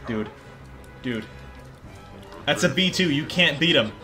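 Excitable young man yelling at a game. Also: on the high side, measured pace. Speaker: gaming video creator. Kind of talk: gameplay commentary. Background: game music.

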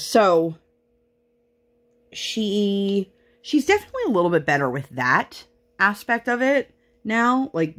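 A young woman with a lowish voice works on a craft project as a vlogger, telling stories in a loose, casual way. Her chatty storytelling is packed with fillers.

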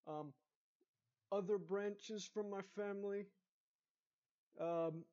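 A young man from Dallas talks in a loose, rambling way, with a Texan accent, a fairly high voice and plenty of ums and restarts. The recording sounds dull and lo-fi. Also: fairly even intonation, slow pace, mellow. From Dallas, Texas. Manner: rambling, chatty, frequent fillers and restarts. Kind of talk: casual accent tag vlog.

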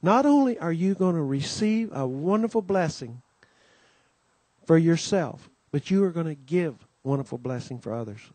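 A man with a somewhat high voice gives a folksy welcome at a Christian gathering, full of "you know"s and homespun stories. His voice sounds close and dry, with little room sound. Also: animated, moderate pace, warm tone, dry recording. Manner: homespun storytelling, many "you know"s, acts out quoted voices. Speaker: conference host giving the welcome. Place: conference gathering.

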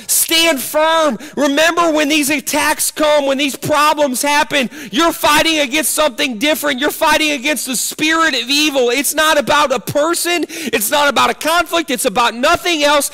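A man's voice: very high-pitched, sharp tone. A male pastor preaching a sermon in a church, emphatic, repeating key phrases and firing off rhetorical questions.

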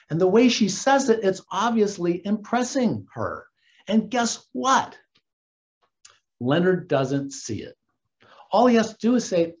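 A man working as a dating coach, giving casual, earnest advice and calling his listeners guys and gentlemen. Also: fairly high pitch, big pitch swings, moderate pace, muffled recording.

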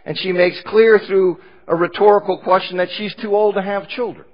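A man's voice: high voice, fairly even intonation, normal speed, dull audio. A man teaching a Bible study in church, explaining scripture passages with frequent restarts.

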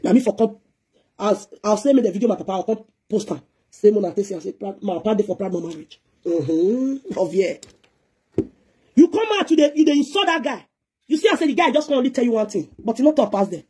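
A woman with a Nigerian Pidgin accent talks fast, scolding and preaching on a live video. Her voice is husky, and she switches freely between pidgin and English. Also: medium pitch, animated, mellow. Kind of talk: heated live-stream rant.

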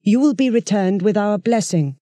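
Soft cottony alien rat king done by a reader, slow, menacing, storybook tale, mellow tone, dry sound. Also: mid-range voice, no echo, voice pushed up, lightly acted. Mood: coldly calm. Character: soft-voiced ancient rat-like alien ruler, cold. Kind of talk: storybook audiobook acting.

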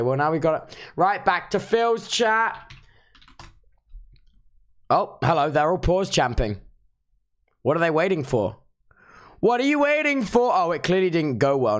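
A sleep-deprived man streaming casually, reacting playfully and teasing his chat as he reviews unban requests. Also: medium pitch. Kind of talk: casual livestream commentary.

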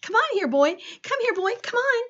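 A woman's voice: on the high side, animated, measured pace, a bit bright. A woman voicing a shy, earnest young schoolboy who talks eagerly and breathlessly. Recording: dull lo-fi recording.

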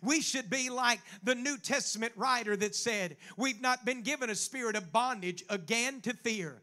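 A man's voice: very high-pitched, moderate pace, few pauses, bright, forceful tone. A man preaching a sermon as pastor, quoting scripture and building to fervent exhortation.

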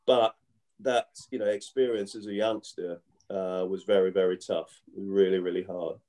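A man in his fifties recounting his past in a relaxed interview, his voice low and warm in tone. He rambles, circles back and fills gaps with "you know" as he goes. He grew up in England. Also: moderate pace. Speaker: guest, former cricketer. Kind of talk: casual storytelling interview.

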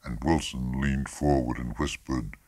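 A man narrating a literary short story in a measured, expressive audiobook reading, close to the mic. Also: extremely low pitch, no echo. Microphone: close studio mic.

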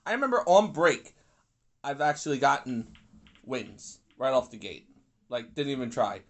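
A young man talks through his pool game in a loose, irritable ramble, cursing at opponents and drifting into side stories. His pitch jumps around a lot, and his tone is bright and forward. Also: lively intonation, normal speed. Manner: grumpy, swearing, rambling asides. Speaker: gaming YouTuber. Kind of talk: casual gameplay commentary.

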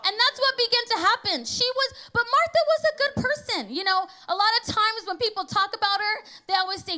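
A woman's voice: very high-pitched, expressive, brisk, few pauses, sharp tone. A woman preaching a conversational sermon, telling personal stories and often checking in with "you know" and "right?". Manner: chatty, storytelling, frequent "you know" and "right?". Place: church.

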